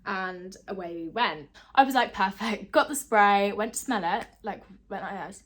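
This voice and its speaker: A woman's voice: medium pitch, normal speed, fairly bright tone. A young woman chatting casually in a beauty vlog from her bed, giggly and full of "like". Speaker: beauty vlogger. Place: bedroom, in bed.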